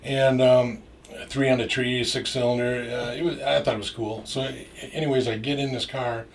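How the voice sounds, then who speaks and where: A man's voice: medium pitch, flat delivery, moderate pace. A middle-aged man from Minnesota telling a long, rambling story with many fillers and restarts and some swearing. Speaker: storyteller guest. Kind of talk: casual anecdote. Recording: distant mic with faint noise.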